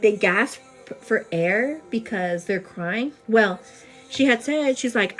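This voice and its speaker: A young woman vlogger telling a story casually, acting it out with gasps and cries. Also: medium pitch. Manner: animated, acts out the scene with cries and gasps.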